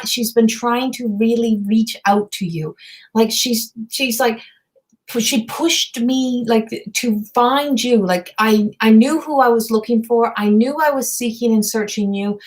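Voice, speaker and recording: A woman giving a live psychic reading, earnest and emotive, rambling and repeating herself. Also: on the high side. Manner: rambling and repetitive, many fillers. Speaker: psychic medium and tarot reader.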